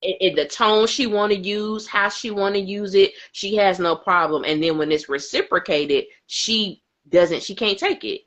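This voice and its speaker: A woman co-hosting a casual aftershow chat, animated and emphatic, who often laughs mid-sentence. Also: medium pitch, normal speed, few pauses. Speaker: co-host.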